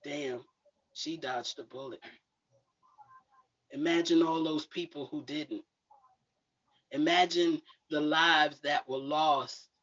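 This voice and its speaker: Guy reading spoken word slow, bit high voice, muffled stream audio. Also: fairly bright tone. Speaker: poet. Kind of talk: spoken word poetry on a livestream. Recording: dull lo-fi livestream audio.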